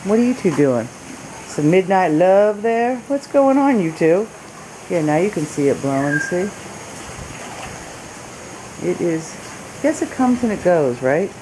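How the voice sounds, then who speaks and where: A woman with a low-ish voice and lively intonation speaks at a measured pace with long pauses, and background noise can be heard. She's a vlogger chatting casually on a home video blog, filming handheld in and out of doors at home and cooing baby talk to her pets. She is unwell and recovering from an illness.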